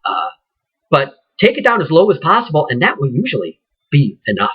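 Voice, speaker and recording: A man teaching acting, speaking in a conversational, rambling way with many ums and restarts, his voice husky. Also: a little high, wildly swooping pitch, fairly quick, muffled recording. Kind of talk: informal lecture.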